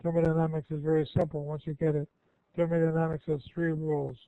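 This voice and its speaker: This guest speaker, an older man, gives students a wandering, folksy question-and-answer session and keeps correcting himself. He talks quickly in a fairly high, flat, clean voice. The audio has no echo but sounds tinny, like a phone line.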